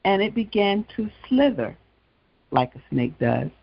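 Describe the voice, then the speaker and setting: Slow, gravelly male talk host. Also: high-pitched, sing-song, no echo, lo-fi sound. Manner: conversational storytelling, frequent asides. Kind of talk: gospel talk show monologue.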